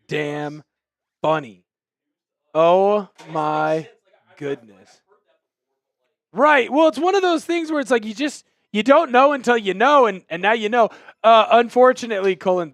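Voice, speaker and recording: A young man from Vancouver, Washington, hosts a rowdy live sports fan stream and yells when his team scores. His voice sits high, and it is recorded close and dry with almost no room sound. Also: dry recording. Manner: rowdy, yelling, fast fan banter.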